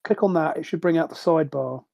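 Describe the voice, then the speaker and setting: A man's voice: on the high side, quick pace, creaky, darkish tone, dry recording, studio quality. A man playing a tabletop game over a voice call, patiently explaining things to another player. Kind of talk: casual tabletop play. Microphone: computer mic on a voice call.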